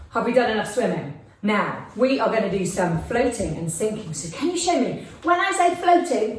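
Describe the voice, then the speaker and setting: A woman teaching a lively class for young children, in a sing-song, encouraging way, calling out actions for them to copy. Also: on the high side. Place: home room with a child helper. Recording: echoey room, mic at a distance.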